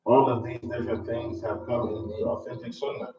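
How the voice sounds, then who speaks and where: A man's voice: medium pitch, little pitch movement, fairly quick, crowd noise. A man teaching a religious text, reading lines in Arabic and then explaining them in English, with frequent hesitations. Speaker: Islamic studies teacher. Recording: distant, echoey, dull and noisy.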